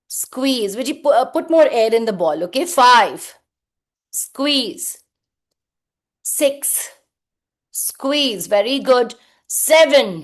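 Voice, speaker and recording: A woman leading a live group workout, counting reps and giving short cues and praise. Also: high voice. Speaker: fitness instructor. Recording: echoey room.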